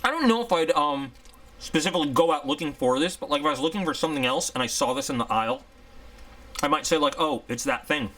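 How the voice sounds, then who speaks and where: Man, casual gear reviewer; bright, forward tone, chatty and candid, rambles freely. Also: a little high, animated, quick pace. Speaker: product reviewer.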